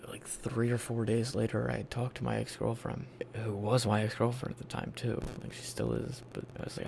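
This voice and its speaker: A man's voice: lowish voice, big pitch swings, brisk, creaky, few pauses, warm tone, slight background noise. A young man from Virginia casually telling his life story in a blunt, profane, candid way, acting out what people said to him. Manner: blunt, profane, candid, acts out quoted lines.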